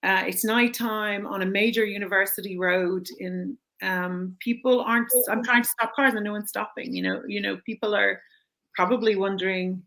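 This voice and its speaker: A middle-aged woman, a guest in an interview, telling a personal story in a candid, animated way and acting out the voices of the people she quotes. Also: medium pitch, moderate pace, low-quality recording.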